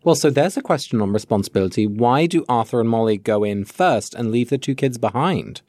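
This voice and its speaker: A man in his late twenties co-hosts a casual book chat with playful, dry humor. His intonation is very lively and swings up and down, while the recording is dry and close. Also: medium pitch, brisk, dry recording. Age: late 20s. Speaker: podcast co-host.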